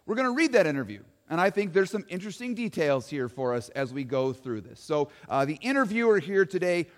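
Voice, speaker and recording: A man's voice: fairly high pitch, in a large hall. A man preaching a sermon, setting up a story in a casual, conversational way.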